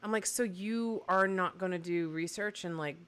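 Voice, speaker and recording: A woman with a slightly low voice co-hosts a casual radio talk show. She rants in a lively way, swears freely and breaks into laughs often. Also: moderate pace, clear, resonant tone. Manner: animated, profane, laughs often. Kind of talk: casual chat, ranting.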